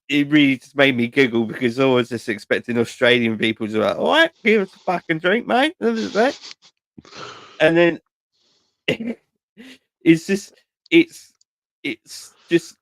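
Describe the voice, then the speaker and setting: A man, co-hosting a casual podcast chat, swearing freely as he rambles through animated anecdotes. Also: mid-range voice, no echo. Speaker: podcast co-host.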